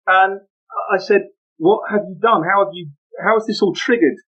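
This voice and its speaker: A middle-aged man, a podcast guest telling a story in an earnest, animated, conversational way that is full of restarts. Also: sits high, moderate pace. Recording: muffled lo-fi audio.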